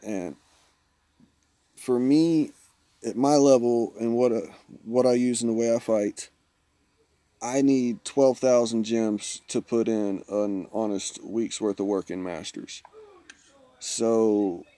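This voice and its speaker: A man's voice: mid-range voice, slow, mellow, dry recording. A man, chatting casually with viewers while streaming a mobile game. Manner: laid-back, chatty, self-teasing. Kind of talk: casual live-stream chat.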